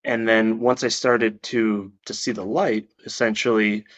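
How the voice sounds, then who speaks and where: A man, an author being interviewed, telling his story in an earnest, reflective way with halting restarts. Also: fairly low pitch, little pitch movement. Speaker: author guest. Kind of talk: interview answers.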